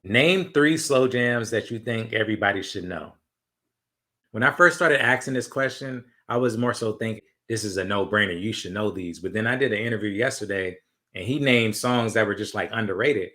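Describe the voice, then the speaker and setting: A young man hosting a casual interview podcast, relaxed and agreeable as he asks questions. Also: lowish voice, normal speed. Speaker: podcast host.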